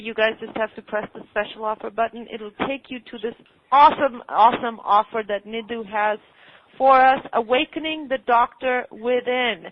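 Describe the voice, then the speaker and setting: A woman with a fairly high voice hosts a telesummit call, gushing and emotional as she talks. The sound is dry and tinny, squeezed through a phone line. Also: dry recording. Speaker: host. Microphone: phone or conference call line.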